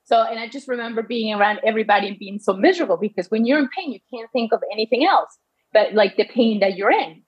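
A woman's voice: a little high, fast, husky, dull audio. A woman in her thirties telling her own medical story in casual talk, often restarting and quoting doctors in her own voice. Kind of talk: personal storytelling.

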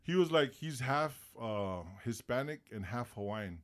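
A man chatting casually with friends on a podcast, recounting stories with lively put-on voices for the people he quotes. He talks in an easy, laid-back way and laughs often. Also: medium pitch, measured pace. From Pacific islands. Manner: animated storyteller acting out phone calls. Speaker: podcast host. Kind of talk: casual chat.

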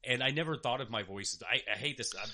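A young man hosting a podcast, chatting in an eager, animated way. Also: mid-range voice, fast talker, crowd noise. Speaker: podcast host. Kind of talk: casual chat.

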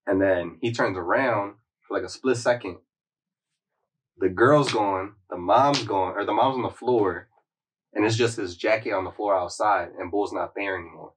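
Husky young man telling a story. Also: on the low side, moderate pace, far from the mic, rough recording. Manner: loose, slangy storytelling with frequent "like" and laughter. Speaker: podcast co-host recapping a show. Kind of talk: casual chat.

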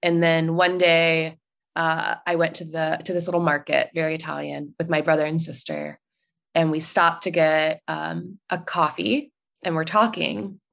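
A young woman, a podcast guest, telling a personal story in a chatty way, full of likes and ums and quick laughs. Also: low voice, flat delivery, vocal fry, a bit bright. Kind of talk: casual storytelling.

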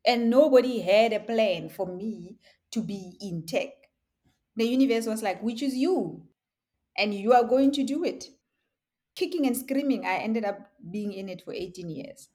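Woman, middle-aged, interview guest, animated storytelling, laughs often. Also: on the high side, moderate pace. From South Africa. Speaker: interview guest, tech education founder.

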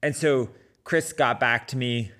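Casting: middle-aged man, casual storyteller, halting delivery with lots of fillers. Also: mid-range voice, pushed and bright. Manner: conversational with frequent fillers and restarts. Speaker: runner telling a personal story.

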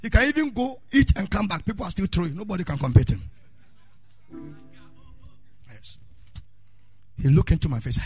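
A middle-aged Ghanaian man preaching a sermon as pastor, calling out to the congregation, shouting in a sing-song way and telling stories from his own life. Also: high voice, animated, quick pace, breathy edge, no room sound.

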